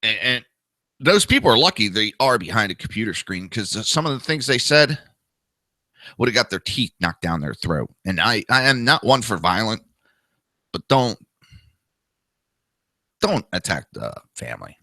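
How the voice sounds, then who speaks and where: A political talk show host with a New Jersey accent rants in a combative, crude, blunt monologue of opinions, mocking his targets with whiny impressions. His fairly low voice is animated and sharp, at a moderate pace, with no echo.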